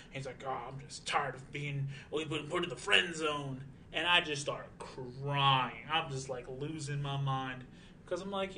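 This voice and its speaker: A man's voice: fairly high pitch, normal speed, pushed and bright. Male streamer, twenties, loose profane chatter, light background noise. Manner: rambling, profane, lots of fillers. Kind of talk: casual chat.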